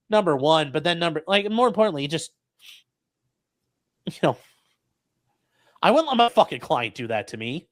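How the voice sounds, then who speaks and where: A man's voice: fairly high pitch, very animated, normal speed, dry recording, clean studio sound. A man hosting a legal commentary stream, reading court records aloud to his chat and ranting about them with profane sarcasm. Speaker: host and lawyer commenting on a court case.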